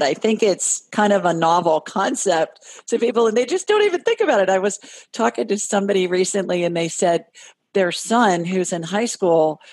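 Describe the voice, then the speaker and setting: A middle-aged woman hosting an interview, asking questions and telling anecdotes in an animated way. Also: lowish voice, no echo. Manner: animated storyteller, acts out quoted voices. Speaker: podcast host. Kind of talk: casual interview conversation.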